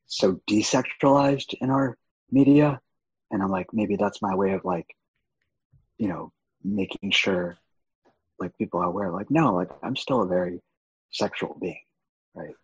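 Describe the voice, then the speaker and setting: A young adult man on a podcast as a guest, speaking openly and with animation, laughing often, with a husky voice. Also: sits low, animated, normal speed, pauses often, no echo, highs cut off. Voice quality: husky, gravelly. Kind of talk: candid casual chat.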